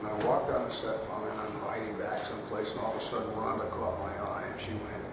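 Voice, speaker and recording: A man's voice: fairly low pitch, monotone, fast. An older man, an actor at a fan Q&A panel, telling stories with frequent laughter. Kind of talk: casual anecdote to a live audience. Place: festival hall with a live audience. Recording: echoey hall, mic heard from a distance, loud background noise.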